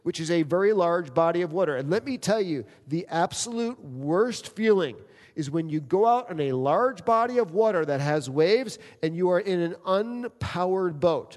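Animated preacher in a reverberant hall. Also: male voice, high voice, normal speed. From New Jersey. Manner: animated preacher, acts out quoted prayers, jokes with congregation. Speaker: pastor. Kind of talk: sermon. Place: church sanctuary. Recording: long reverb in a large hall.

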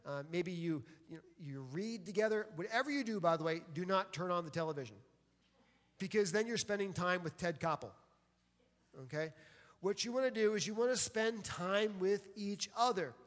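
A high-pitched male pastor delivers a chatty, humorous sermon and drops playful asides between points. His voice rings out with a long reverb tail through a large church hall. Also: normal speed, a bit bright. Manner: conversational and joking, with playful asides.

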